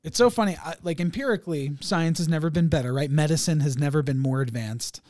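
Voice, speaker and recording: A man's voice: fairly high pitch, quick pace, a little mellow, no echo, studio quality. A man hosting a podcast in casual chat, laughing often and swearing as he acts out quoted people. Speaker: podcast host.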